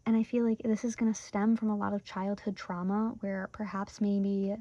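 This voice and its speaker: A young woman reading tarot cards in a relaxed, chatty way, leaning on fillers as she shares her feelings. Her voice is warm and mellow. The recording is dry and a little dull. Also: medium pitch, normal speed, dry recording. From Michigan, USA. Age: 20s. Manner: chatty, heavy use of "like" fillers; emotionally open, talks through her feelings. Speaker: tarot reader. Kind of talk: casual pick-a-card tarot reading.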